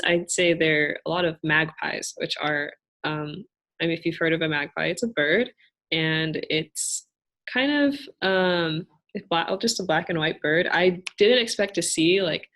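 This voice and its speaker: A young woman answering questions in a casual Q&A, explaining patiently and thoughtfully, often pausing with fillers. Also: on the low side. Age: young adult. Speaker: student cultural navigator.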